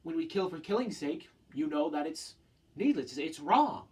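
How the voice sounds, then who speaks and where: A man's voice: on the high side, lively intonation, moderate pace. Impassioned young man, slightly distant mic. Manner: impassioned, rhetorical questions. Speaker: student giving a talk. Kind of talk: earnest spoken presentation.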